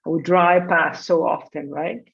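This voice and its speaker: Animated woman in her forties telling a story. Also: on the low side, measured pace, creaky. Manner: animated, acts out her own past dialogue. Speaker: guest, family medicine physician. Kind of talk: casual storytelling interview. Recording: slightly muffled audio.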